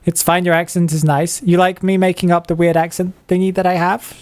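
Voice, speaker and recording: A man's voice: high voice, little pitch movement, a little fast, a little mellow. A man streaming live game commentary, chatty and casual, putting on a playful made-up accent and rolling his R's. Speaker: streamer commentating viewers' matches.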